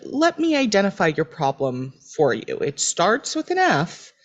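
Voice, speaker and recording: A woman doing a quick, matter-of-fact impression of a blunt male therapist in casual podcast chat. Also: fairly low pitch, huge pitch swings, highs cut off, full character voice.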